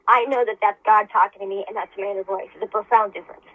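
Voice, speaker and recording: Woman, fifties, podcast guest; husky, earnest, dull lo-fi call sound. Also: medium pitch, steady tone, quick pace, few pauses, no room sound. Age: 50s. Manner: earnest, laughs often. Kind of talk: casual conversation. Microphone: remote call mic.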